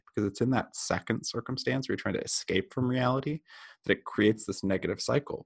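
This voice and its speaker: A man's voice: fairly low pitch, gravelly, breathy edge. A man in casual conversation who talks candidly and reflectively and swears freely.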